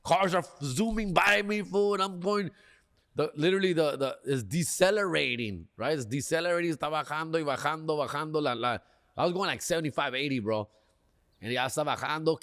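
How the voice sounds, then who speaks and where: LA comedian, slangy storyteller with a higher voice, echoing reverb, keeps saying fool and dog. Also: male voice, moderate pace. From Los Angeles. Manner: slangy, animated, peppers lines with "fool" and "dog". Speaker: comedian and podcast host. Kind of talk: casual storytelling.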